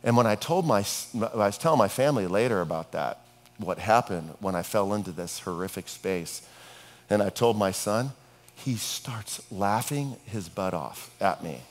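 A middle-aged man preaching a sermon as a pastor, talking in a casual, conversational way and telling stories with dark humor. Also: on the low side, expressive, moderate pace. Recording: long reverb of a hall.

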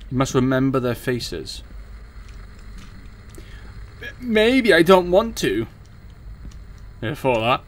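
A man's voice: mid-range voice, very animated, slow, long pauses. A young man, commentating a horror game as he plays, jumpy and swearing at it. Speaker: gaming streamer.

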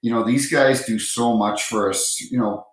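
A man who is a podcast guest and former referee talks in an easygoing, halting way in a casual interview. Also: medium pitch, steady tone. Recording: very echoey room.

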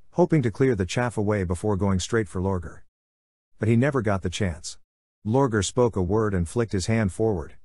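Guy reading a story out loud, low voice, steady, dry close mic. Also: no room sound. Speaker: narrator. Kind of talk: audiobook narration of fan fiction.

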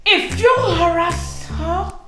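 A stern, commanding lady of the house. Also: extremely high pitch. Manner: commanding, slow and emphatic. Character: stern middle-aged mistress of the house. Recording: echoey room with music underneath.

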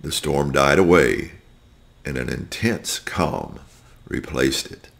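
A man reading a scripture story aloud, slow and deliberate with occasional slips. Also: rumbling low, vocal fry, fairly bright tone. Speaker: scripture reader.

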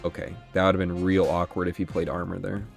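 A young man giving excitable gameplay commentary, thinking aloud about his moves and swearing often. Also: low voice, fast talker, creaky, faint music behind. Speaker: gaming channel host.

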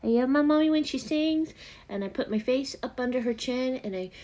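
A sweet, affectionate little pet cat speaks in high, cooing baby talk, voiced by a woman. The voice sits very high, with a mellow, warm color, and a faint hiss lies underneath. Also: brisk, close to an everyday voice. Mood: adoring.

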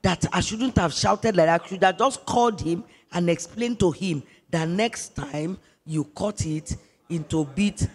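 A woman's voice: on the low side, unhurried, darkish tone, breathy edge, in a large hall. A woman pastor with a Nigerian accent telling a story in a sermon, repeating phrases for emphasis.

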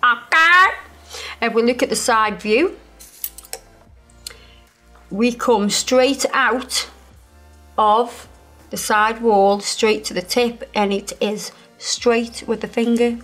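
A woman's voice: on the high side, a little slow, fairly bright tone, soft background music. A woman from the English Midlands with a slight lisp, chatting as she walks through a nail tutorial. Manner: chatty, explains steps as she works. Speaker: nail technician and channel host. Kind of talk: chatty tutorial while working.

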